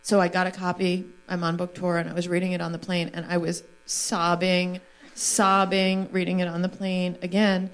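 A woman's voice: on the low side, monotone, moderate pace, smooth, low-quality recording. Candid woman in her forties reading aloud. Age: 40s. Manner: candid, laughing, reflective. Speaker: author on a panel. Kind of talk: stage conversation and reading aloud.

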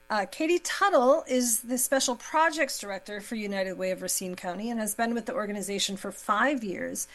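Woman, radio show host, friendly interviewer, middle pitch, faint hum. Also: low-quality recording. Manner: friendly, stumbles over words at times.

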